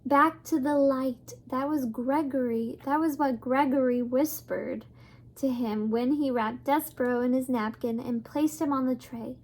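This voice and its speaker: A woman reading a children's novel aloud in a gentle, measured storytelling voice. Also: high-pitched. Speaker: reader.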